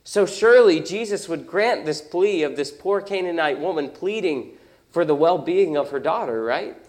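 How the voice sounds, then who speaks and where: A man's voice: fairly high pitch, expressive, moderate pace, a little mellow. A young adult man preaching a sermon as pastor, conversational and emphatic, with many rhetorical questions.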